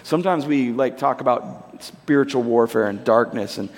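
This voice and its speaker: Man, 30s, pastor, chatty sermon style, acts out voices, mid pitch, long reverb in a hall. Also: moderate pace, slight background noise. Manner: conversational, animated storytelling, acts out voices. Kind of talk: sermon with storytelling.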